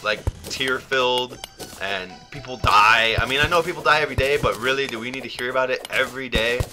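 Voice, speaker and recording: A young man rambling and joking through casual gameplay commentary, with sudden loud outbursts. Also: medium pitch. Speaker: gaming YouTuber.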